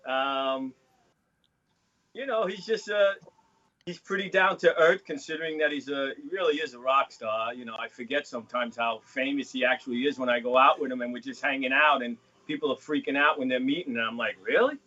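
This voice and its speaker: Male guest, mid pitch, rambling casual chat, dull video call audio. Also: brisk, bright, forceful tone. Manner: rambling, lots of you know. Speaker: guest drummer.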